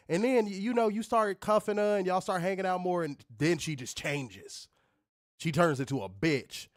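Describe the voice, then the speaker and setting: A man hosting a podcast, ranting in an animated, profane, casual way. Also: on the high side, no room sound, clean studio sound. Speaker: podcast host. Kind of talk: casual chat.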